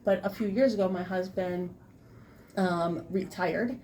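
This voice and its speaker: A middle-aged woman chatting on a casual podcast, telling a story and quoting people in lively voices. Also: fairly low pitch, measured pace, slight background noise. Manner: animated storytelling, quotes others in lively voices. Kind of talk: casual school podcast chat.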